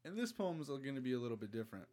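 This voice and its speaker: A man's voice: medium pitch, big pitch swings, rapid-fire, a little mellow. A young man hosting a podcast in casual chat, easygoing, often repeating himself and stumbling over words. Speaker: podcast host.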